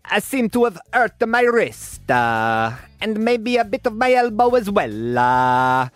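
A man voicing a fussy Italian man listing his injuries after a car crash, halting with many hesitations. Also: sits high, very animated, dry recording, soft background music, voice pushed up, heavily acted. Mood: pained.

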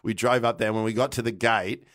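A man's voice: on the low side, dry recording. Man, casual storytelling guest, rambling, restarts, dry close sound. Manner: rambling, restarts often, energetic and quick to laugh. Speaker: podcast guest.

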